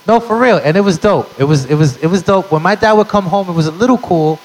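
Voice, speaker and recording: A man's voice: high voice, fast talker, hardly any pauses, low-quality recording. A young man doing a stand-up comedy set, telling punchy, profane stories to a live audience. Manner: brash, profane, punchy storytelling. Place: live show venue with audience.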